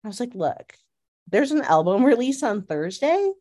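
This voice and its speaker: A woman in casual fan chat, an animated storyteller who laughs often and fills her talk with "like.". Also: fairly high pitch, normal speed. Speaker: podcast co-host.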